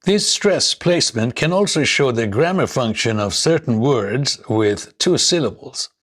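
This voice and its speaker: A man narrating a scripted English lesson, speaking slowly and clearly, modeling words for learners to repeat. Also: mid-range voice, lively intonation, fairly bright tone. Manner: slow, deliberate, models words for repetition. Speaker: English teacher.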